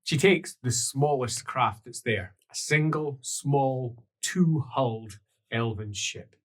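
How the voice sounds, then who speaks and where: A man narrating a tabletop role-playing game as game master, in an animated way with laughs and sound effects. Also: mid-range voice, slow pace.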